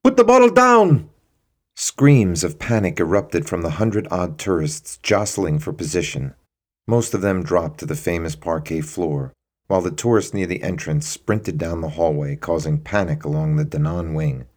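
A man narrates a dramatic story in a low, deep voice. His reading is steady and measured, letting the scenes unfold evenly.

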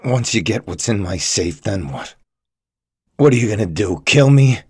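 A man's voice: on the low side, lively intonation, moderate pace, breathy edge, no room sound, clean studio sound, voice pushed up. A man voicing a bound, panicked male scholar who pleads and argues in a strained, raised voice. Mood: fearful.

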